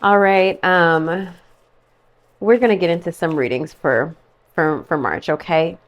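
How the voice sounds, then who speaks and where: A woman's voice: on the low side, a little slow, muffled recording. A woman giving a casual monthly tarot forecast, chatty and rambling, full of "like" and "okay" asides. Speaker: tarot reader.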